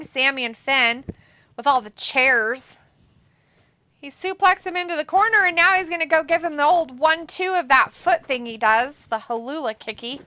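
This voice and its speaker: High, bright excitable woman commentator. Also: dry recording. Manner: excitable, jokey, mimics wrestlers in silly voices. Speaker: watch-along host. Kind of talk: live wrestling commentary.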